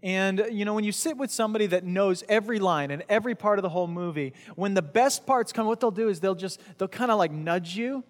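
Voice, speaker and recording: A man's voice: high voice, quick pace, hardly any pauses. A man preaching a casual, conversational sermon, joking and bantering with his congregation. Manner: chatty, jokey, talks with the crowd. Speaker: pastor. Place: church hall with audience. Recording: long hall reverb.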